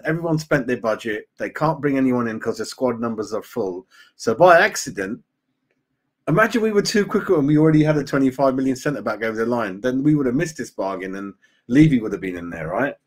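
Man, live-stream host, chatty, matey, casual, mid-pitched. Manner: chatty and matey, reads chat aloud, calls viewers mate. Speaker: fan channel host. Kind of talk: live-stream chat about football.

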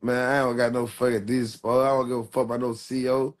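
A man's voice: mid-range voice, little pitch movement, quick pace. Young man rambling in street slang. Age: 20s. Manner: rambling street slang, repeats "real talk". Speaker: rapper. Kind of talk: casual livestream talk.

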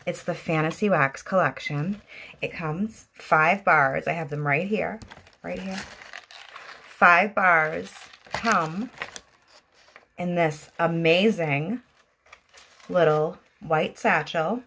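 A woman's voice: on the low side, slow pace, long pauses, fairly bright tone, slight background noise. Gushing Boston-accented woman. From Boston area, US. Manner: chatty and enthusiastic, gushing. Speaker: product reviewer. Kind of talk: casual product review vlog. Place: at home.

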